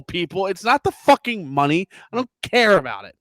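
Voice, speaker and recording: A fairly high-voiced man rants in a heated, profane stream. He sounds like he is in his thirties and is recorded on a dry, close microphone. The delivery is animated and conversational, like a podcast co-host. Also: fast talker, hardly any pauses, no echo. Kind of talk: ranting casual chat.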